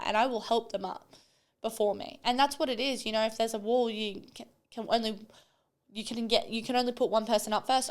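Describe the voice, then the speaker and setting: A young adult woman hosting a solo podcast, talking bluntly and passionately and swearing freely. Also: a little high. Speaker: podcast host.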